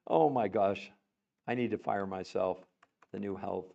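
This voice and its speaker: A man hosting a live stream, chatting with viewers and greeting them by name in an excitable, animated way, laughing often. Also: on the low side, unhurried, vocal fry, muffled recording. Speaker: livestream host. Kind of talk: enthusiastic live-stream chat.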